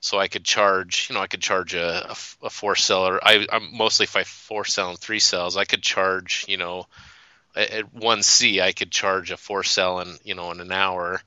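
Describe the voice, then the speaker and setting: A man talks over a casual podcast in halting fashion, full of pauses and restarts. His voice is very deep yet sharp and clear-toned. The sound is dry and a little dull. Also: level tone, no room sound. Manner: halting, with many fillers and restarts. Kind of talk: casual chat.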